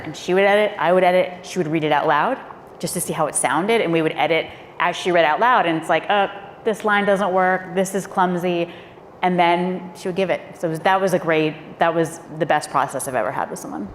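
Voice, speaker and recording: A woman's voice: fairly low pitch, quick pace, a little hiss or hum. A woman, a former speechwriter, telling stories on a panel in a candid, emphatic way. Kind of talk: panel discussion storytelling. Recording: echoey hall with faint ambience.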